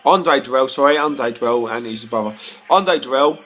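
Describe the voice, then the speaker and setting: A man's voice: mid-range voice, normal speed, a bit bright, soft background music. A tipsy man, rambling to camera in a casual rant, stumbling over repeated words and swearing when riled. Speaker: vlogger.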